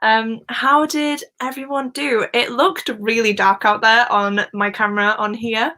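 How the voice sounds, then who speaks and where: Lady chatting on a livestream, bright clear voice, giggly, reads out comments. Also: on the high side, steady tone, a little slow. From Wales. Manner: chatty, laughs often, reads out viewer comments. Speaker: live-stream host. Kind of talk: casual live-stream chat.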